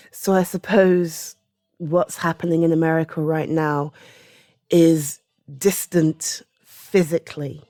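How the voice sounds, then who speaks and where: A British woman in her thirties, an audio creator, giving a soft-spoken personal opinion monologue, halting and often trailing into a whisper. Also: deep voice, little pitch movement, no echo, clean studio sound. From Britain. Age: 30s.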